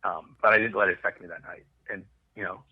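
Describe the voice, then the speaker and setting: A Coast Guard veteran telling a rambling, profane story in casual conversation. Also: male voice, sits low, fairly even intonation, fast, breathy edge, dry recording, narrow, tinny audio. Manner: rambling, profane, restarts often.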